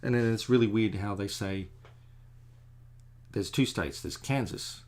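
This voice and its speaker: Creaky-voiced man rambling while drawing. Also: lowish voice, a little slow, a little mellow. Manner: chatty, digressive, self-deprecating. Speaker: artist drawing a commission.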